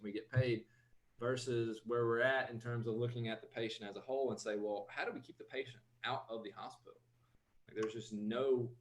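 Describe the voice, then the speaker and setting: A man's voice: medium pitch, low-quality recording. A man speaking emphatically and animatedly on an online panel discussion. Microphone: video call.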